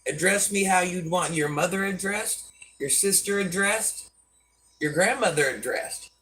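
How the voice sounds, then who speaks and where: On a live stream, a woman near sixty with a deep voice dispenses down-home life advice, addressing viewers as "baby" and "hun" while calling herself Granny. Her pace is unhurried, the sound a touch bright, captured far from the microphone.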